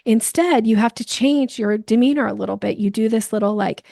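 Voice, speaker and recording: A woman guest on a podcast, a sales coach explaining her ideas in lively conversation with playful examples. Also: on the high side, a little fast, gravelly, no room sound, clean studio sound.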